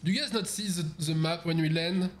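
A man with a French accent chatting excitedly while gaming, teasing his teammates and swearing often. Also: a little high, brisk, a crowd in the background. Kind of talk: casual gaming chat.

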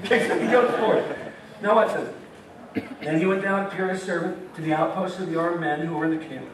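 A man's voice: sits high, moderate pace, very noisy. Playful American man preaching in echoey hall. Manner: playful, joking, laughing often, acting out voices. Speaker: campus ministry speaker. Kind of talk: sermon. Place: meeting hall with audience. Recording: echoey hall, mic far off, audience.

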